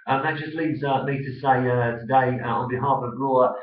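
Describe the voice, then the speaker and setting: A man's voice: medium pitch, steady tone, moderate pace. A man with an Essex accent hosting a business web show, talking in a chatty, rambling way with many fillers. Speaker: host. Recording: echoey, distant, dull web-video sound.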